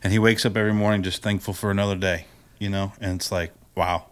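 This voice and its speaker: A man co-hosting a podcast in relaxed chat, laughing easily. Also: low-pitched, fast talker. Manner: laid-back and chatty, laughs easily. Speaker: podcast co-host. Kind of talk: casual chat.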